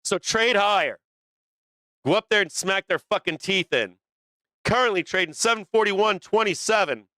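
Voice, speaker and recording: Brash swearing guy calling trades on a live stream, bright forceful voice, bit high. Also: normal speed, dry recording. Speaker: stock market livestream host. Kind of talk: profane live trading commentary.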